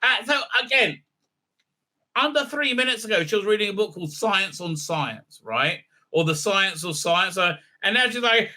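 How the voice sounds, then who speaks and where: With a high, bright, forceful voice and lively intonation at normal speed, a man hosts a casual film recap and review. As a channel's reviewer, he keeps it irreverent and jokey, swearing and leaning on "uh, uh" fillers.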